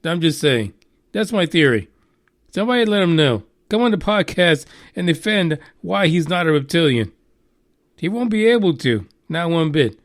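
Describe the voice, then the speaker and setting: A man hosting a live podcast, with a voice that sits a bit high for a man. He swears freely and jokes as he chats casually. The sound is dry, with no room echo. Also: normal speed. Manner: profane, joking, animated. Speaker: podcast host.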